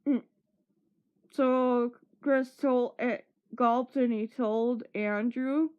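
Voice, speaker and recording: A woman's voice: on the high side, steady tone, very slow, smooth. A woman streamer chatting casually, telling a long story with swearing and laughter. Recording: muffled lo-fi stream audio.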